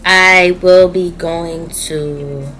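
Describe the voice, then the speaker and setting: A woman's voice: lowish voice, steady tone, very slow, a bit bright, a little hiss or hum, poor audio. Candid young woman with a Southern US accent. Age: young adult. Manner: candid, emotional, speaking to viewers. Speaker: YouTuber. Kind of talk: personal video diary.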